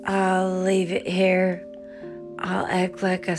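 Woman, very slow and meandering, rambling voice memo, phone mic, faint music behind. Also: on the low side, completely flat delivery. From US East Coast. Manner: slow, meandering, drifts into whispers. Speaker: podcast host.

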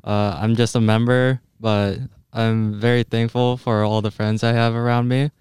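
Flat monotone teenage guy. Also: medium pitch, moderate pace, clear, resonant tone, dry recording, studio quality. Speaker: club member. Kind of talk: casual chat.

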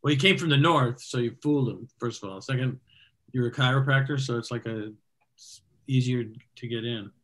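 A man's voice: medium pitch, a little fast, fairly bright tone. A man hosting a comedy show, bantering with and teasing the comedians. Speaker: host. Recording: faint background noise.

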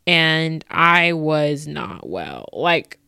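A woman's voice: low-pitched, very animated, drawn-out words, vocal fry, pushed and bright, clean tone, no room sound, studio quality. A young woman in her twenties hosting a casual solo podcast, gushing and laughing often as she fangirls. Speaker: podcast host.

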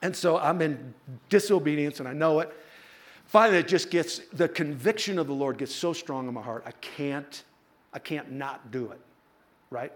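A man's voice: a little high, normal speed. A middle-aged man pastor preaching a sermon, telling a personal story with playful asides to his congregation. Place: church.

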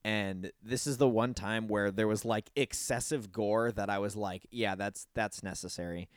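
A man hosting a podcast in casual chat, animated and swearing, jumping into high squeaky voices to mimic people. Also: normal speed, no echo, clean studio sound. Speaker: podcast host.

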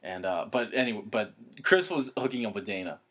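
A man's voice: fairly low pitch, animated, a little fast, fairly bright tone. A young man telling rambling, profane stories in casual chat, full of fillers and restarts.

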